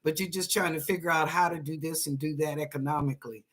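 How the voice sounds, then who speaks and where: A psychic reader hosting a live show, giving quick readings to viewers in a folksy, chatty, reassuring way and laughing often. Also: medium pitch, steady tone, fairly bright tone.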